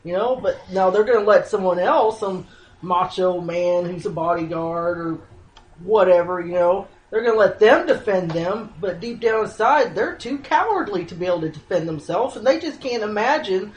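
Opinionated male co-host, mid pitch, echoey sound. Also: normal speed. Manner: blunt and opinionated. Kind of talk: casual political chat.

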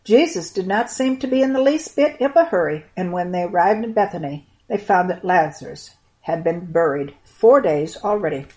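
A woman's voice: on the low side, animated, moderate pace, mellow. Woman reading a Bible story to children.

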